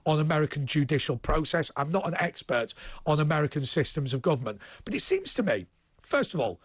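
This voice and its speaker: A middle-aged British man hosting a political TV interview, animated and prone to restarting his sentences. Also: on the high side, a little fast, breathy edge, dry recording. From United Kingdom. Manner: animated, repeats words when starting sentences. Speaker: TV host and political commentator. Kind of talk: casual studio interview.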